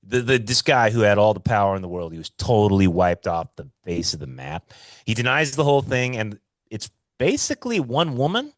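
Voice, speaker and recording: A man's voice: fairly low pitch, big pitch swings, fairly quick, no echo, studio quality. A young man co-hosting a podcast over a call, earnest and incredulous, repeating himself for emphasis. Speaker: podcast co-host. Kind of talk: casual podcast chat. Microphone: remote call.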